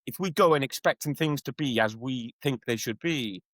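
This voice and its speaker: A man's voice: mid-range voice, moderate pace, no room sound, rough recording. A man guest on a podcast, an educator telling stories in conversational interview style, acting out the voices of people he quotes. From Wales. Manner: animated storyteller, acts out quoted voices.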